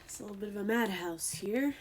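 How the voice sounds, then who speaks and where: A woman streaming from home, chatting casually and cooing at her pet cat in a sing-song baby voice, now and then dropping to a soft whisper. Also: mid-range voice, quick pace, noisy background. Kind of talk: casual live-stream chat. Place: home room while streaming.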